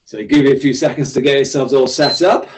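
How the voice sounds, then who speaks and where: A man's voice: mid-range voice, fairly even intonation, quick pace, a little mellow, slight background noise, low-quality recording. A man instructing a seated exercise class, giving friendly, encouraging, step-by-step cues. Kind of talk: leading a seated workout class.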